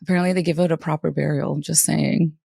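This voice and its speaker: A young woman co-hosting a podcast, telling stories in a casual, giggly, animated way. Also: sits low, fast, vocal fry, husky, no echo, clean studio sound. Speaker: podcast co-host. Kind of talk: casual chat.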